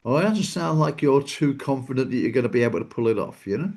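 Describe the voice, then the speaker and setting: A man's voice: mid-range voice, expressive, quick pace, gravelly, darkish tone. A man hosting a casual talk show, asking reflective questions and thinking aloud. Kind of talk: casual discussion.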